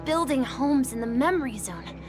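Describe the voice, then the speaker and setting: A gentle young woman speaks in a video game, her higher voice lilting up and down through scripted lines. She sounds soft-spoken and wistful. Game music plays underneath her. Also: big pitch swings, normal speed.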